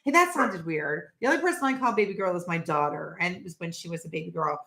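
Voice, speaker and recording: Middle-aged woman, live-stream host, chatty and rambling, bright tone, echoey room. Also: fairly low pitch, expressive, fast, gravelly. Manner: chatty, rambling, laughs at viewers' jokes. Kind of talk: casual live-stream chat.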